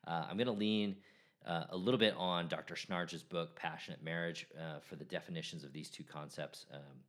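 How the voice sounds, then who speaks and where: Low-pitched man, forties, podcast host, easygoing and chatty with restarts. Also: fairly even intonation, normal speed, fairly bright tone. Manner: casual, joking, restarts often. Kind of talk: solo podcast talk.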